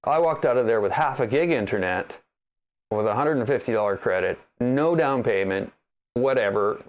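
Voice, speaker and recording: A man hosting a maker livestream, chatting casually and telling stories with an animated, ranting manner. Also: mid-range voice, moderate pace.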